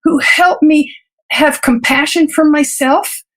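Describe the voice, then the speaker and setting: High-voiced woman, earnest and reflective. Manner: earnest, reflective, laughs lightly between thoughts; halting restarts and repeated words. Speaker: physician guest. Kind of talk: personal storytelling in an interview.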